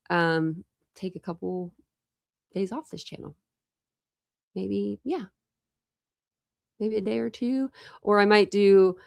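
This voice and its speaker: A woman's voice: lowish voice, gravelly, no echo, clean studio sound. A woman hosting a true crime livestream, chatting casually and rambling with lots of restarts. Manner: rambling, self-interrupting.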